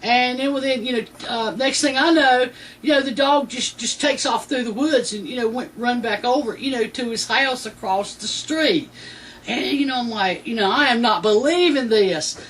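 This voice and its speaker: A woman's voice: fairly high pitch, normal speed, a bit bright. A woman telling a personal faith testimony in a rambling way, full of "you know" fillers. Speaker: Christian testimony speaker. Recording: distant mic with faint background noise.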